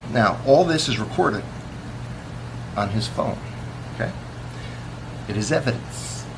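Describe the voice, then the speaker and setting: A man's voice: medium pitch, lively intonation, slow pace, gravelly. Boastful man with a noisy recording. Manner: boastful and contemptuous. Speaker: police officer. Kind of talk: casual monologue to camera.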